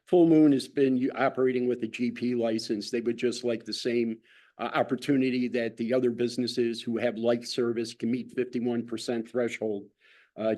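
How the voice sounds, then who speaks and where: A man's voice: medium pitch, darkish tone. A man serving as chief of staff, presenting formally to a city council with frequent fillers.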